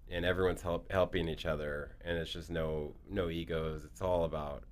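A man's voice: low-pitched, flat delivery, normal speed. A man chatting casually as a guest, telling a long story with lots of fillers and restarts. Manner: rambling, with many fillers and restarts.

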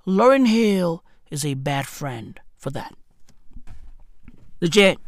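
A woman, ranting comically in loud, profane, exclamatory slang. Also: on the low side, expressive, slow pace, no echo. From South Africa. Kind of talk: comic rant.

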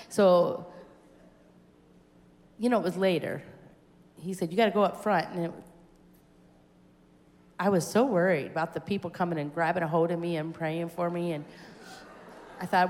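A woman's voice: fairly low pitch, steady tone, moderate pace. A woman giving a church testimony, telling her story with acted-out dialogue and rising to fervent exclamations. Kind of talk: personal testimony at a church service. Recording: echoey church hall with long reverb.

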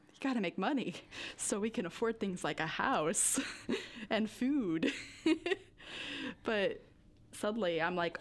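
A young woman giving a candid personal interview, rambling with lots of fillers and nervous little laughs. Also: medium pitch. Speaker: interview guest.

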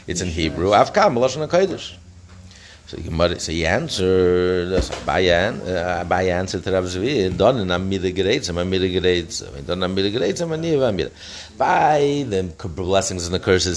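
A middle-aged man teaching a Talmud lesson, his pitch rising and falling freely as he explains. He reads a phrase, translates it, then corrects himself and moves on. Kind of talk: daily page study lesson.

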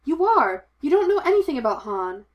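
A woman's voice: fairly high pitch, animated, highs cut off, natural voice. A woman voicing a spirited young Jedi apprentice who teases her master, read in an audiobook of fan fiction. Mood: teasing. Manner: teasing, impish, quick to argue.

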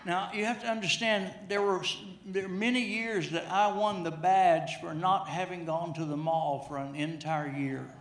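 A middle-aged male preacher tells a humorous story from the pulpit, circling back over his own words. His voice sits fairly high for a man. The sound echoes through a church sanctuary. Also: fairly even intonation, normal speed, few pauses. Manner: storytelling with humor, repeats himself. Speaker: pastor. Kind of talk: sermon.

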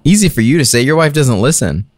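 A man's voice: mid-range voice, animated, fast, dry recording, clean studio sound. A man co-hosting an improv comedy game, ranting in exasperated bits. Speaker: co-host.

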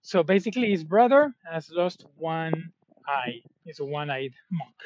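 A man's voice: a little high, animated, a little slow, darkish tone. A man talking in a rambling, casual monologue, full of fillers and self-corrections. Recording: dull, slightly muffled, dry sound.

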